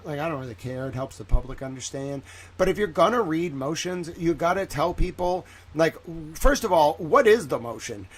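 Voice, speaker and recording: Give me a chatty male streamer with a put-on Southern drawl and a slightly raised pitch, riffing loosely through legal news with lots of "like". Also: big pitch swings, normal speed. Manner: rambling, heavy use of "like", joking asides. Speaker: live-stream legal commentator. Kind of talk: casual livestream commentary.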